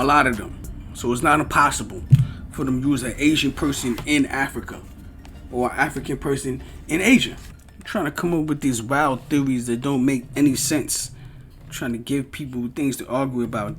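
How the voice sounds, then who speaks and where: A man doing reaction commentary, talking straight back at another creator in a heated, argumentative way with loose, slang-heavy street talk. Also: mid-range voice. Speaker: YouTube commentator answering another video.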